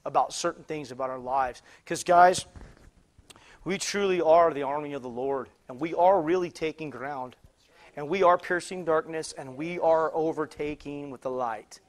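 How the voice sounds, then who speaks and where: The sermon here is a personal story told by a man whose voice sits fairly high, preaching from the pulpit of a church. Lively and stop-start, he repeats himself often and at moments breaks into loud, emphatic shouts.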